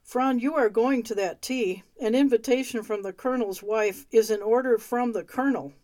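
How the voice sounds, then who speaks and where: A woman's voice: a little high, normal speed, warm tone, no room sound, lightly acted. A woman reading a blunt army officer. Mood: commanding. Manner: blunt, commanding. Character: brisk military officer, adult man.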